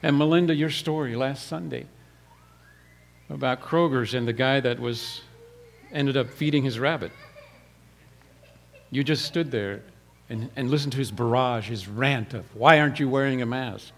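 A male preacher tells personal stories in a plain, homespun way. He often repeats words and clears his throat before going on. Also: mid-range voice, measured pace, pauses often.

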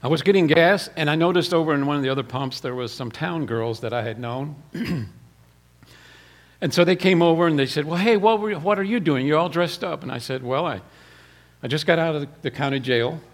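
A man preaching a sermon, telling personal stories in a plain way, often repeating words and clearing his throat. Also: a little high, fairly quick.

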